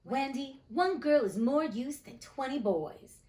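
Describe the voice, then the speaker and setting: A woman's voice: high voice, lively intonation, a little slow, a little mellow. A woman reading as a cocky boy, Peter Pan. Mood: coaxing. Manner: boastful, crowing. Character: cocky conceited boy who won't grow up.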